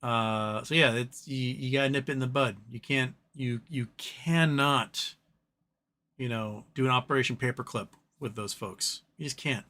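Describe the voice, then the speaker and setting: Bright-voiced man ranting on a livestream. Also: mid-range voice, normal speed. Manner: rambling, profane, opinionated. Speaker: livestream host. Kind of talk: live-stream chat reading and ranting.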